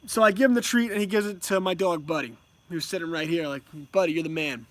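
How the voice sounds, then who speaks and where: High-voiced man telling a rambling story. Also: expressive, fast talker, no room sound. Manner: rambling storyteller, many ums and restarts. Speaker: homeschooling parent. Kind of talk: casual monologue to camera. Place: at home.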